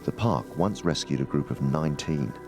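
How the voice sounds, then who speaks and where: A man narrating a documentary in a calm, measured, scripted way. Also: very deep voice. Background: music.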